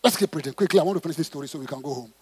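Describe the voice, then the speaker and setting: A man preaching a sermon, reading scripture and calling on the congregation to respond, swinging between loud exclamations and soft asides. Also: fairly high pitch, rapid-fire, slightly rough. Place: church auditorium. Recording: long hall reverb in church auditorium.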